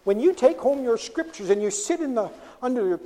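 A man preaching a sermon with emphatic delivery, rising to shouts and dropping to a hush. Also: very high-pitched, fairly quick. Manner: animated, emphatic, drops to a hush on quiet phrases. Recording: long hall reverb.

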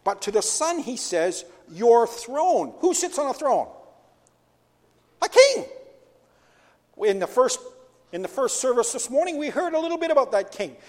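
A pastor delivers a sermon in a church sanctuary, posing rhetorical questions and answering them himself. His voice is extremely high and very animated, running a little slow with long pauses. A long church-hall reverb colors the recording.

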